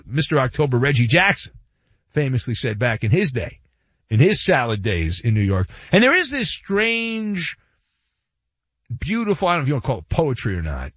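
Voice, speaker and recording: Male sports radio host, lively and wry, slightly high voice, dry and somewhat dull studio sound. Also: no echo. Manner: animated, wry and playful, with asides and repetition. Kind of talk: sports talk radio monologue. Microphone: studio microphone.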